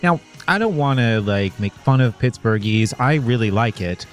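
A man's voice: medium pitch, expressive, moderate pace, soft background music. A man hosting a podcast and chatting in a casual, playful way. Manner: playful, breaks into mock regional voices. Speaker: podcast host.

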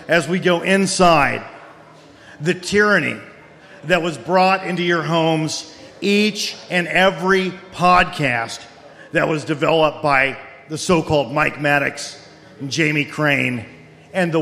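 A man's voice: a little high, vocal fry, bright, forceful tone, full character voice. A man playing a bombastic, paranoid male conspiracy talk-show host, ranting in mock-grave pronouncements in a live comedy bit. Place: live event hall. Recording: long hall reverb.

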